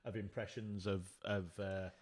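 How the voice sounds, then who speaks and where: Sheffield man, lowish voice, podcast co-host, rambling and chatty. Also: flat delivery, measured pace. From Sheffield, England. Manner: chatty, laughs often, trails off mid-sentence. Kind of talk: casual chat.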